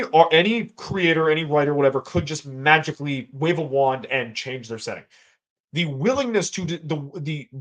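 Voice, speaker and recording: A young American man hosts his own livestream. He talks in loose, rambling bursts, curses casually and banters with viewers, and his voice sits slightly higher than most men's. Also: fairly bright tone, poor audio. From United States. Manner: rambling, profane, bantering with chat. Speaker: streamer host.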